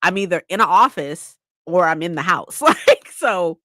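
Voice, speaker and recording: A woman's voice: on the low side, animated, moderate pace, fairly bright tone, no room sound. A young woman from California chatting casually with viewers, swearing freely and laughing often. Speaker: streamer. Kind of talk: casual chat.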